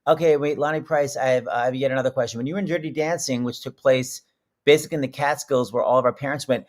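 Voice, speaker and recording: A man hosting a casual live stream, joking and bantering excitedly with his guests. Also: medium pitch, quick pace. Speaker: host. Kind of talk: casual livestream chat.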